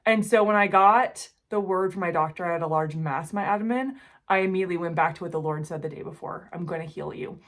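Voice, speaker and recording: A woman in her forties telling a personal story to the camera, earnest and emotional, often speaking quietly. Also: on the low side, quick pace. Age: 40s. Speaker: jewelry-making channel host.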